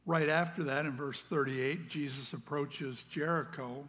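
A man's voice: fairly high pitch, steady tone, a little slow. A man preaching in a reverberant church hall. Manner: earnest, with swings from loud calls to hushed asides. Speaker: pastor. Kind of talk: sermon. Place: church sanctuary. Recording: long reverb of a large hall.

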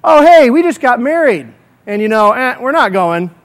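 A man's voice: very high voice, very animated, moderate pace, exaggerated voice. A man voicing carefree guests in a parable, first eager to come to a king's party, then brushing the invitation off. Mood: dismissive.

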